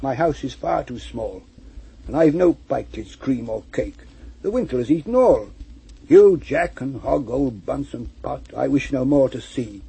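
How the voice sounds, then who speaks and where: A man reading a storybook poem aloud, voicing a lonely, gentle old male troll with a husky voice. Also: medium pitch, animated, measured pace, heavily acted. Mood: firm. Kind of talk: poetry reading.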